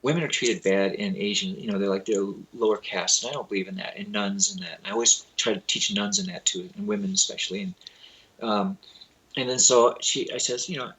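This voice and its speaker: This low-quality recording features a man with a fairly low, breathy voice who talks fast while being interviewed as a spiritual teacher. He relates lively stories casually, acting out quoted people in loose grammar.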